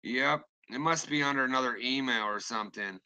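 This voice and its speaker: A man's voice: mid-range voice, brisk, sharp tone, smooth. A man ranting on a live stream and answering his chat, angry, rambling and swearing constantly. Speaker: livestreamer talking to chat.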